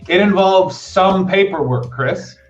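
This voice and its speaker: A man's voice: high-pitched, a little slow. A man with a slightly raised voice jokes in a profane, mock-grandiose tone, often turning the joke on himself. His sound is muffled and dull, with faint music running behind. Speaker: co-host. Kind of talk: comic banter.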